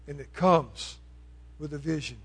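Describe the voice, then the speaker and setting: High-voiced man preaching a sermon. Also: a little slow, husky. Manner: dynamic preaching, swinging from loud proclamation to hushed pleading.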